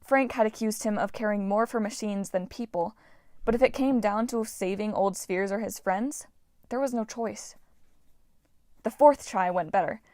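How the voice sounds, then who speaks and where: Woman narrator for a fantasy audiobook, mid pitch, dry close recording, animated reads. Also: dry recording. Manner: lively, voices characters with shouts. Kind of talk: audiobook narration with character voices. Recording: dry, low-quality home recording.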